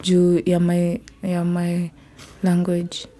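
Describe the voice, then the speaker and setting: A young Kenyan woman with a Kimeru accent, hosting a casual solo podcast and mixing English with Swahili, sometimes dropping to a soft whisper. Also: lowish voice, monotone, takes it slowly. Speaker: podcast host.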